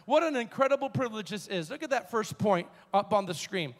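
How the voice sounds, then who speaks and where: High-voiced preaching man in a reverberant hall. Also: lively intonation, brisk, hardly any pauses. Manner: emphatic preaching, swings between shouting and quiet asides. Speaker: pastor. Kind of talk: sermon. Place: church hall.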